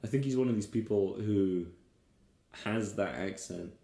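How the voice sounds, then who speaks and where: A man co-hosting a casual podcast, dropping dry jokes in a deadpan way. His voice sits low and mellow. The living room around him sounds echoey. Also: a little slow, vocal fry. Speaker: podcast co-host. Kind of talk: casual chat.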